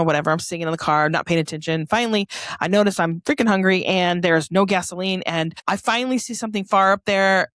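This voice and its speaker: A middle-aged woman from Northern California, a podcast guest telling a personal story in a lively, chatty way and acting out the dialogue. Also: fairly low pitch, dry recording, clean studio sound.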